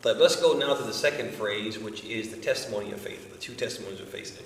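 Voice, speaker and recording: A man's voice: on the low side, quick pace, a little hiss or hum. A man teaching an evening study circle lesson, explaining patiently and often checking with his listeners through rhetorical questions. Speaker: religious studies teacher. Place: large community center hall. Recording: echoey hall, voice from far off.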